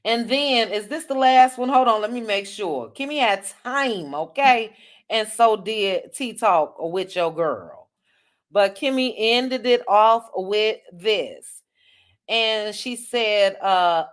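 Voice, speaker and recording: A woman from the DC hosting a casual livestream, reading viewer comments aloud with quick chatty asides. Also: medium pitch, animated. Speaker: livestream host.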